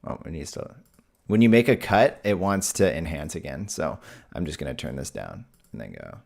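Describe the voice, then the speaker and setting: A man's voice: a bass voice, lively intonation, moderate pace, gravelly, a little mellow. A man hosting a live video editing tutorial, talking casually and thinking aloud as he works.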